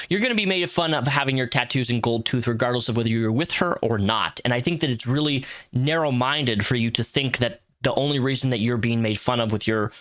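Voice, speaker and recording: A man's voice: mid-range voice, a bit bright. A man in his thirties giving casual, rambling commentary with frequent restarts and fillers. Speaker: commentary youtuber.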